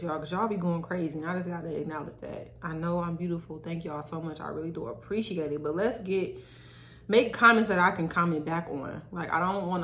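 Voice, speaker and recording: Sitting low in pitch, this young woman's voice comes with a little hiss or hum on the recording. She's hosting her own podcast, talking to viewers in a casual, candid, and motivational solo chat.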